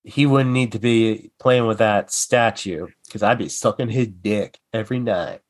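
A man's voice: on the low side, measured pace, dry recording. A man co-hosting a podcast in casual chat, cracking crude jokes and teasing his co-host.

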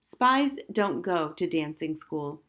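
A woman voicing a stubborn young girl who shouts defiantly in a storybook reading. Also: on the low side, lively intonation, slow pace. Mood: sulky. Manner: loud, defiant, screaming.

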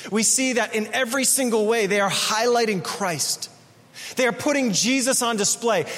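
A man's voice: very high-pitched, fairly bright tone, in a large hall. A man preaching a sermon as a pastor, in a conversational, emphatic way, often repeating his phrases.

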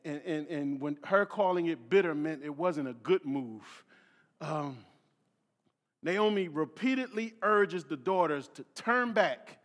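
A man's voice: fairly high pitch, animated, measured pace, fairly bright tone. A male preacher from Philadelphia reading scripture and explaining it, often stumbling over and repeating his words. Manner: repeats words, restarts often, many fillers, reads scripture aloud. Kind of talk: sermon. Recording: long hall reverb.

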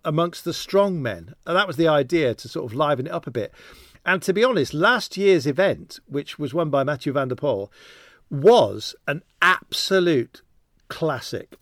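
A man's voice: a little high, a bit bright, dry recording, studio quality. A man who works as a cycling commentator, chatting casually in a rambling, anecdotal way with self-deprecating humour. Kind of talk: casual interview chat.

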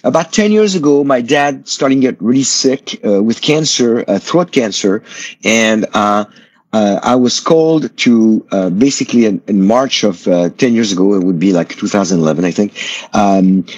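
Man, middle-aged, husky low voice, dry close sound, earnest storytelling. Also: expressive, moderate pace, a little mellow, dry recording. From France. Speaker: guest. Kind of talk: personal testimony in a radio interview.

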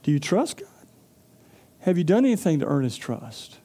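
A pastor preaches in a folksy, storytelling manner, acting out the characters as he goes. His voice sits a little high yet sounds warm and mellow. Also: sing-song, normal speed, slightly rough. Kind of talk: sermon.

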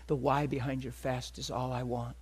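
A man voicing God as a calm, firm father figure, speaking softly in a sermon story. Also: medium pitch, moderate pace, slightly rough, natural voice. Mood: gentle.

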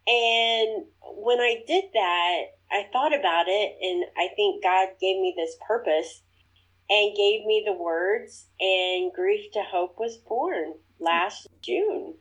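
A woman's voice: mid-range voice, takes it slowly, low-quality recording. Earnest woman sharing a personal story. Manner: earnest, animated when retelling her own thoughts. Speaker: guest.

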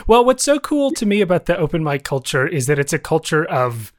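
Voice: medium pitch, very animated, fairly quick. An interview host asking thoughtful questions in a casual way, often restarting words mid-sentence.

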